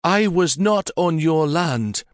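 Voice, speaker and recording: A man's voice: fairly high pitch, expressive, takes it slowly, no echo, clean studio sound, pitched above the performer's own voice. A man voicing a defiant young Englishwoman. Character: defiant young Englishwoman, fearful but proud.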